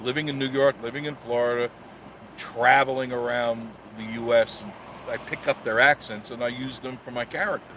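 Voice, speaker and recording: A man's voice: mid-range voice, fairly even intonation, moderate pace, pushed and bright, slight background noise, poor audio. A man in his sixties hosting a live stream, chatting casually and joking sarcastically as he reads viewer comments. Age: 60s.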